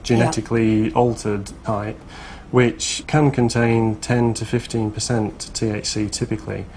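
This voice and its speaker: A man's voice: fairly low pitch, little pitch movement, unhurried, a little mellow, a little hiss or hum, low-quality recording. A man working as a forensic drug scientist, explaining samples in a plain, friendly way during a lab tour.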